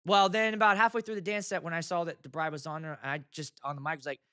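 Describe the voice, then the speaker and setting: A man hosting his own show, telling wedding DJ stories in a casual chat. He is animated, laughs often and acts out how the crowd reacts. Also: a little high, quick pace, smooth, no echo, clean studio sound.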